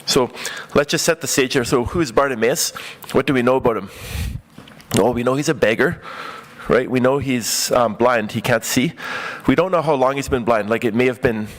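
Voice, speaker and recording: A man's voice: medium pitch, moderate pace. A man preaching a conversational sermon, talking casually with many fillers and acting out the voices he quotes.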